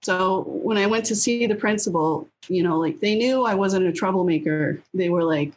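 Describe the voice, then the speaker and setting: Speaking at normal speed, she has a lowish, slightly rough voice, caught on a rough recording. She's a woman in her thirties from New Hampshire, a blunt interview guest telling casual stories, swearing freely and playing out her own past lines.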